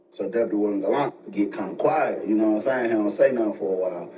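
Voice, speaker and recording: A man telling a jailhouse-style story in casual, animated slang. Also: lowish voice. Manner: animated, slangy, fast asides. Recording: distant mic with faint noise.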